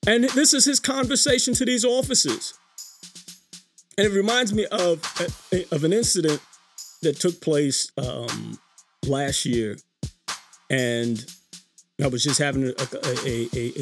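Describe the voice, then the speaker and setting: A man hosting his own podcast, talking through a story in a casual live-stream monologue, animated, often restarting his sentences. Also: mid-range voice, unhurried, over music. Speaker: podcast host.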